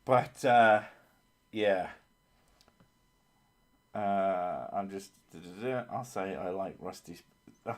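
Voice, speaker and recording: A man chatting on a relaxed live stream, with a lowish voice. He swears freely and laughs often while he banters about food and the chat's messages. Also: takes it slowly, pauses often. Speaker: streamer, host of a horror story channel. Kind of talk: casual chat with live stream chat.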